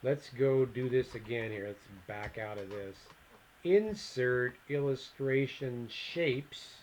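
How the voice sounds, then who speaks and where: A man teaching a software lesson on a screen recording. He thinks aloud, reads out the steps and mutters asides to himself as he clicks through them. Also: medium pitch, takes it slowly, a little hiss or hum, poor audio. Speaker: instructor.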